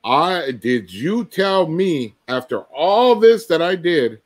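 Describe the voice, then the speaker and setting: A man's voice: a little high, sing-song, slow pace. A man, a former co-host, arguing tersely and demanding yes-or-no answers. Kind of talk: heated confrontation.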